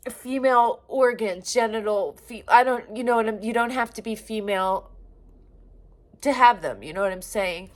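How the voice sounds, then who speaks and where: A woman in her forties venting in a personal video diary, raw and emotional, swearing often and breaking off mid-sentence. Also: a little high. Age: 40s. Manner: halting, restarts and trailing phrases. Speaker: vlogger.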